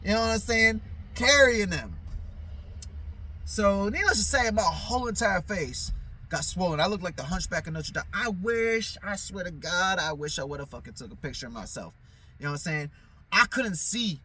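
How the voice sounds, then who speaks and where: His voice sits high, with lively intonation, a sharp tone and a breathy edge, at a moderate pace. The vlogger's monologue is loose, profane and rambling, full of "you know what I'm saying," with frequent stammered restarts and lost trains of thought.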